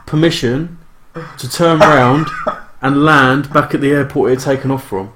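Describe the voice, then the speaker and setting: A man's voice: mid-range voice, fairly even intonation, normal speed, background noise. Brit guy telling the story straight, wry, medium voice, casual podcast chat. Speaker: podcast co-host. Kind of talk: casual banter.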